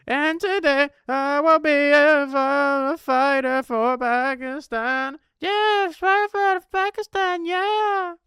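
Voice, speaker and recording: A man putting on a shrill, sing-song voice of an overexcited young boy. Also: flat delivery, slow, hardly any pauses, sharp tone, no room sound, studio quality, heavily acted. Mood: giddy.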